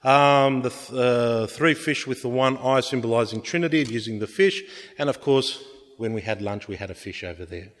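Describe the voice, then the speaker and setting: A man's voice: medium pitch, moderate pace, fairly bright tone. Middle-aged man, Orthodox priest, casual rambling slideshow talk, reverberant hall. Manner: chatty, rambling anecdotes with many fillers.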